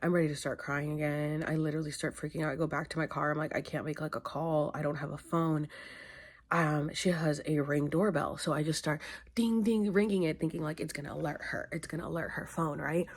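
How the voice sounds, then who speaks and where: A woman's voice: low-pitched, fairly even intonation, husky. A young woman vlogging casually to a phone camera, tired and weepy, rambling and speeding up as she tells a story. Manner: emotional, rambling, fast when telling a story. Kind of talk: casual vlog.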